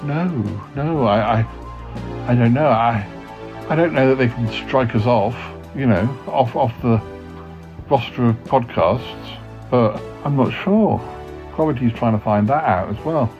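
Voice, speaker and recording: A podcast host playing himself in a comedy sketch, fretful and stammering as he talks. His voice sits at an average pitch, and the recording is dull and lo-fi with faint music behind it. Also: measured pace.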